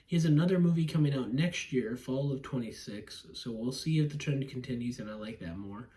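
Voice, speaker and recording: With a warm, medium-pitched voice, a man talks a little fast with few pauses. At home, he rambles through a casual movie review, cursing freely, laughing often, acting out scenes, and yawning drowsily now and then.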